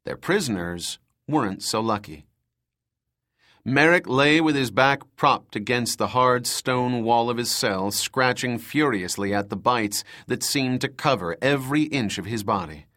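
A man narrating a dark thriller audiobook in a measured, dramatic reading style. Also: medium pitch. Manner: slow, measured, dramatic reading with voiced dialogue.

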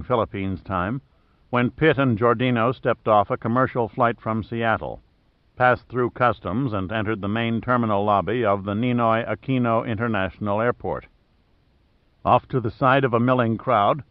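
A man narrating an audiobook in a steady, even-paced voice at an ordinary pitch. The recording is dry, with no room sound, and a bit dull and muffled in tone. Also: no room sound. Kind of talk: scripted narration.

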